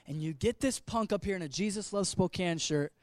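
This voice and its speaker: A man in his twenties, a pastor giving an energetic, joking, conversational sermon in a church. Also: high-pitched, fairly quick, no echo, studio quality. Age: 20s.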